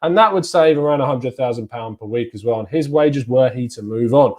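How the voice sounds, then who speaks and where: A man hosting a football fan channel, talking through his points in a loose, rambling way. His voice is mellow and rounded rather than bright, at an ordinary pitch. He hits each name with a lift before running on. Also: fairly quick. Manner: chatty, rambling, lively emphasis on names. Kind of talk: solo fan commentary.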